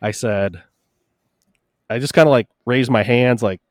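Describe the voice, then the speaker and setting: A man on a casual podcast telling stories from his shop, animated and talkative, swearing casually. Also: a little slow, no echo, clean studio sound. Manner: animated storyteller, swearing casually, lively rises in pitch. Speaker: podcast co-host, shop owner.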